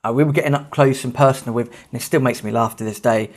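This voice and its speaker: Thirties male podcast host, casual anecdotal delivery, self-deprecating and animated. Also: mid-range voice, fast talker. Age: 30s. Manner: animated, self-mocking anecdote telling with swearing. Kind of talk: casual storytelling.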